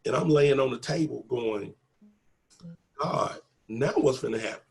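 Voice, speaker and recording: A man's voice: medium pitch, measured pace, vocal fry. A man telling a personal story in a conversational way, acting out each exchange of dialogue with earnest conviction. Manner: acts out dialogue, repeats "I said" and "he said"; earnest, faith-filled testimony. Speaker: interviewee telling his story.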